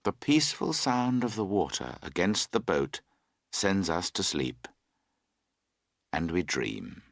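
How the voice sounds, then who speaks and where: Slow, expressive male storyteller. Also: low-pitched, dry recording, clean studio sound. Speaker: audiobook narrator. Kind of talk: scripted narration for English learners.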